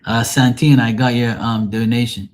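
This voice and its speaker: A man's voice: medium pitch, little pitch movement, normal speed. A man chatting casually to his livestream viewers, rambling and swearing freely in a joking way. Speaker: livestream host.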